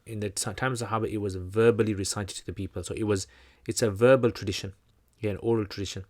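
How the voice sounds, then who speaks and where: A man with a fairly low voice hosts a livestream question-and-answer session. He explains at length in a loose, chatty teaching manner. He often circles back and restarts his sentences, with plenty of fillers along the way. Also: fairly even intonation, quick pace, a little mellow. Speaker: channel host answering questions.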